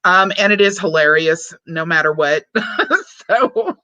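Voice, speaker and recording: A woman's voice: lowish voice, measured pace, pushed and bright, no echo, highs cut off. A woman hosting a casual livestream, reading out viewer chat, chatty and prone to laughing often. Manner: giggly, breaks into frequent laughter.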